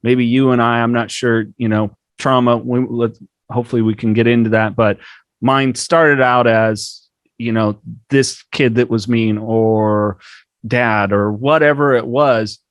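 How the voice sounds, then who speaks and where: A man hosting a podcast interview, relaxed and affirming, with loose phrasing and frequent fillers. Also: medium pitch, measured pace, dry recording. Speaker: podcast host. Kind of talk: interview conversation.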